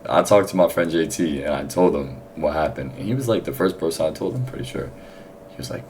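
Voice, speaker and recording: A man's voice: a bass voice, fairly quick, background noise. A young man telling a personal faith story in a loose, rambling way, full of fillers and slang. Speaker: vlogger sharing a faith testimony. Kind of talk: casual spoken testimony.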